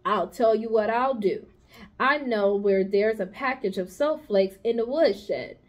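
A woman's voice: mid-range voice, measured pace, close to an everyday voice. A woman voicing a grumbling male barn rat in a storybook read-aloud, with sarcastic complaints.

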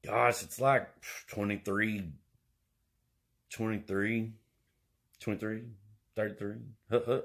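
A man's voice: on the low side, flat delivery, slow, gravelly, long pauses, a bit bright. A man, rambling and joking his way through an indoor vlog. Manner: rambling, jokey, drawling. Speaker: vlogger.

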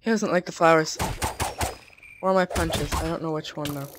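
A woman giving casual gameplay commentary as a let's play gamer, chatty and quick to burst into startled exclamations. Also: deep voice, background noise.

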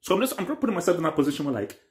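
A young man hosting a casual TV reaction video. He rambles and repeats himself, swinging between excited bursts and low mutters. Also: rapid-fire. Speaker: reaction channel host.

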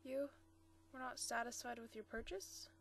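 A timid old antique dealer from a storybook, read by a woman murmurs in a high, soft voice. He stammers and trails off, nervous and apologetic. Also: fairly even intonation, normal speed, slightly rough. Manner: hesitant, soft-spoken, stammering.

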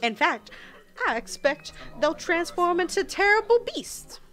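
A woman's voice: very high-pitched, sing-song, measured pace, fairly bright tone, soft background music, pitched above the performer's own voice, full character voice. A woman reading the lines of a wise old male kettle with a Southern US accent, earnest and warning. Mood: grave.

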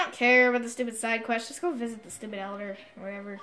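A woman commentating a video game playthrough, excitable and self-mocking, quick to yell at the game. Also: fairly high pitch, faint music behind. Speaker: gamer. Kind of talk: let's play commentary.

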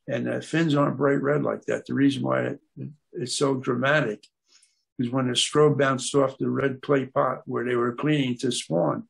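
Gravelly and husky, this older man's mid-range voice carries rambling stories told to an aquarium club, where he is a guest. He wanders from point to point and keeps stopping to search for words, leaning on many fillers.

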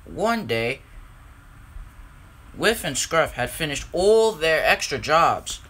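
A man reading a children's storybook aloud. His voice is bright and lively, with a slow, expressive pace and plenty of movement in its pitch. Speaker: narrator.

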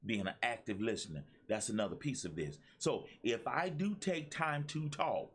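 A man's voice: mid-range voice, animated, moderate pace, slightly rough. A man, a pastor and motivational speaker, giving a preachy talk to his viewers, repeating himself and calling out to the audience. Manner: preachy, repetitive, calls on the audience.

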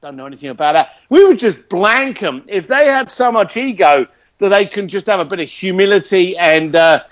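A man being interviewed, telling stories in a casual, animated and blunt way, swearing freely. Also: sits high, normal speed. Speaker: interview guest. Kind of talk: casual storytelling.

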